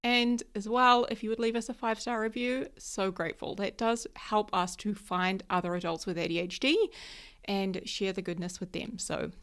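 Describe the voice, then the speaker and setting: A middle-aged woman hosting a podcast in a relaxed, chatty way. Her voice sits at an everyday middle pitch, and she tells stories with plenty of "like" and easy laughter. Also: moderate pace. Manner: chatty storytelling, lots of "like", frequent laughs. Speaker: podcast host. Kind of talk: casual solo podcast chat.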